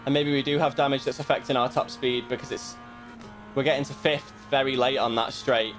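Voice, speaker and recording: A man's voice: mid-range voice, steady tone, a little fast, fairly bright tone. A man casually commentating his own sim race, muttering self-critical asides, with faint music behind. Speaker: sim racing streamer. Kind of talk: casual commentary while racing.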